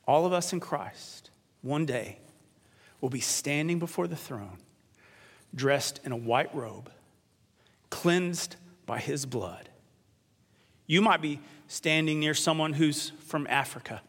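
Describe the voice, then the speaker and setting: Pastor preaching in a reverberant church. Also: male voice, on the high side. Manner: dramatic pauses, drops to a hush on key words; leads the congregation in call and response. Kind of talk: sermon. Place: church sanctuary. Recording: long reverb of a large church.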